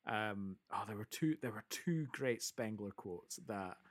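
A man's voice: fairly low pitch, lively intonation, a little slow. A man in casual chat about a film, eagerly quoting its lines. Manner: enthusiastic, quotes film lines with relish.

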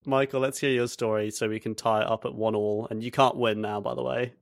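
A man's voice: lowish voice, level tone, a little fast, no echo. A man hosting a podcast segment in casual banter, teasing with dry put-downs. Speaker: podcast host running the segment.

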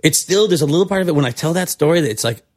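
A middle-aged man from California, a podcast guest telling stories casually in an animated, rambling way, acting out quotes. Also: a little high, rapid-fire. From Santa Cruz, California. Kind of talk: casual storytelling.

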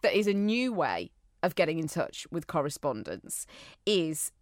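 A woman's voice: deep voice, sing-song, unhurried, dry recording, clean studio sound. A British woman co-hosting a podcast chats casually and reads listener mail, giggly and exclamatory. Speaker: podcast co-host.

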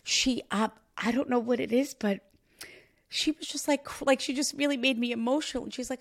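A woman working as a psychic medium, giving a reading and passing on messages with gasps and animated asides. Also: high voice, brisk, vocal fry. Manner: animated, gasping, relays spirit messages.

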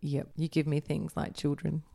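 A woman's voice: low-pitched, level tone, moderate pace, gravelly, mellow. A woman co-hosting a podcast in casual chat, teasing her co-host and laughing often.

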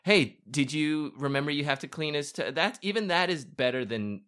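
A man's voice: a little high, moderate pace, fairly bright tone, clean tone. A man joining the chat as the husband, stammering at first and then explaining himself plainly. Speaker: guest husband. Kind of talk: casual chat.

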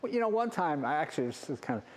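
Older guy telling funny stories, bouncy high-ish voice, does little voices for everyone. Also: racing, a little hiss or hum. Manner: animated, acts out voices in his stories. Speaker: talk show host, guest. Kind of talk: storytelling anecdotes. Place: large car garage.

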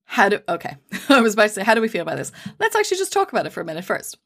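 A woman's voice: medium pitch, wildly swooping pitch, very fast, hardly any pauses, fairly bright tone. A woman co-hosting a casual podcast, explaining science at length with fillers and restarts. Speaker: podcast co-host.

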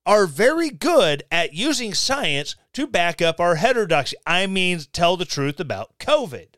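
A man's voice: sits high, very animated, normal speed, fairly bright tone, no room sound. A man hosting a podcast, reading a news article aloud and breaking in with sarcastic, mocking asides. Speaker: podcast host. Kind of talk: casual commentary.

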